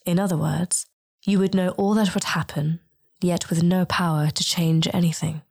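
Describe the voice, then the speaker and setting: A woman voicing a wise, solemn female star being who speaks slowly and soothingly in an audiobook. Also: on the low side, fairly even intonation, creaky, darkish tone, slightly rough. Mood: calm. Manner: slow, measured, soothing. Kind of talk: audiobook character reading.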